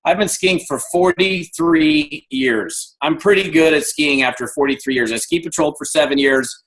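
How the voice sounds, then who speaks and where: A man in his fifties giving an energetic motivational talk on a video call, acting out the voices in his stories. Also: on the high side, moderate pace, poor audio. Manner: energetic storyteller, acts out dialogue. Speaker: guest speaker.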